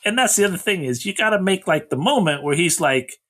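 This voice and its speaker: A man's voice: high voice, animated, a little fast, a bit bright. A man co-hosting a casual movie-review chat, rambling through plot recaps. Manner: rambling recaps, quotes characters. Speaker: podcast co-host.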